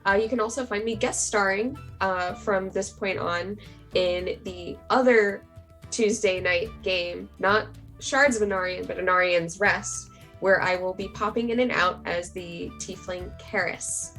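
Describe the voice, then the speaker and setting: A chatty woman at mid pitch, rambling along casually between fillers as a tabletop player on a live stream. Her voice sits in an ordinary middle range. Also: a little slow, a bit bright, soft background music.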